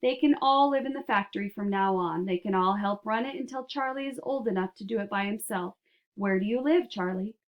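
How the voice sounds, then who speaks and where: Woman voicing an eccentric, excitable candy-making man, insistent and grand, storybook reading. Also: mid-range voice, brisk, muffled recording, lightly acted. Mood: excited. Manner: eager, insistent, grandly persuasive.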